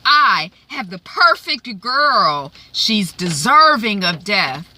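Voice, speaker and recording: A woman voicing a scheming, cold-blooded brothel madam, speaking slow and ominous. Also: mid-range voice, sing-song, pushed and bright, heavily acted.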